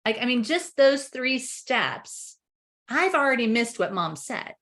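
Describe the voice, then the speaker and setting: A middle-aged woman speaking as a parenting coach in a casual webinar discussion, lively and quick to act out other people's words. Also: fairly high pitch. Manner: lively, acts out family members' voices in quotes. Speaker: parenting coach and expert guest.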